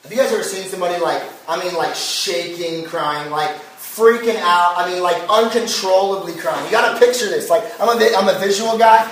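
A young man giving a casual youth sermon, telling the story in an animated way and using lots of filler words. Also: high-pitched, fairly quick, hardly any pauses. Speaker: youth pastor. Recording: echoey hall, voice from a distance.

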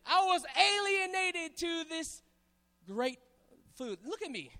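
A man from Hawaii preaching a sermon to a congregation, animated and playful, calling on the crowd to answer back. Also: very high-pitched, slow pace. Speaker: pastor. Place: church hall. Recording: hall reverb.

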